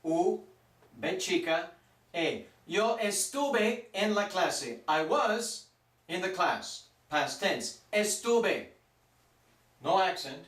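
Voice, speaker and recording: Slow, high-voiced man teaching in an echoey room. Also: expressive, a bit bright. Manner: plain, repeats and stresses forms slowly. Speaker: Spanish teacher. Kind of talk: classroom grammar lesson. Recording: echoey room, mic at a distance.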